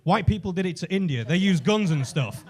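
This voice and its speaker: A man's voice: sits high, lively intonation, fairly quick. A man doing a stand-up routine on a comedy club stage, telling stories with chatty asides. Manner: conversational storytelling with asides.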